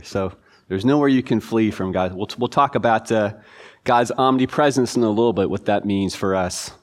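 A man teaching a church Bible class in a relaxed, informal way, reading verses and quizzing listeners. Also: lowish voice, normal speed. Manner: informal, chatty, quizzing the audience. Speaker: pastor.

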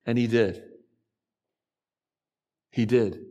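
A man preaching a sermon to his congregation, slow and deliberate, with dramatic pauses. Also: medium pitch, steady tone, warm tone, in a large hall, dull audio. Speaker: pastor.

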